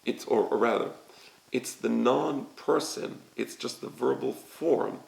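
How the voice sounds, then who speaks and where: A man teaching a recorded lesson, explaining slowly and often checking with "right?". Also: medium pitch, creaky, a little mellow, roomy sound, poor audio. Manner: slow, explanatory, repeats "right?" to check understanding. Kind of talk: recorded lecture on grammar.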